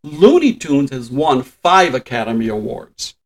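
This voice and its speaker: An older man co-hosting a podcast chats casually, telling trivia stories and chuckling often. His medium-pitched voice is sing-song and unhurried, and the recording is low quality.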